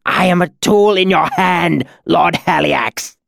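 A man's voice: medium pitch, drawn-out words, darkish tone, smooth, no echo, clean studio sound. A man voicing an arrogant male servant reduced to gasping, strained pleas in an audiobook. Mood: pained, pleading. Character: arrogant male servant, broken and begging in pain.

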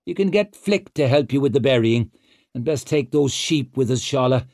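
A man's voice: medium pitch, animated, moderate pace, a little mellow, no room sound, voice pushed up, natural voice. A man voicing a weary older warrior who speaks in a dry, world-weary way. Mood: wry.

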